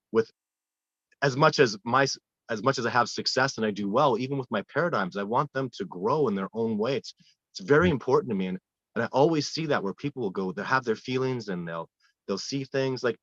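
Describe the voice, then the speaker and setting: A man who guides wilderness expeditions, telling earnest, animated stories in a casual interview with frequent restarts. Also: mid-range voice, a little fast, no room sound. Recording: dull, lo-fi dry sound.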